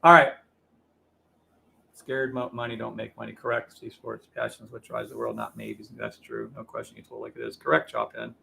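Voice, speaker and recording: A man hosting a live trading show, ranting in a loud, profane, combative way to his viewers. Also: fairly low pitch, animated, moderate pace, creaky, a little hiss or hum. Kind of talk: heated livestream rant.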